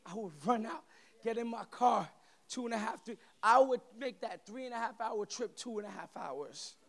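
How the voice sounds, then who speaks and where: A man preaching a sermon, telling a funny personal story and shouting playfully to the congregation. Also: very high-pitched, moderate pace, gravelly.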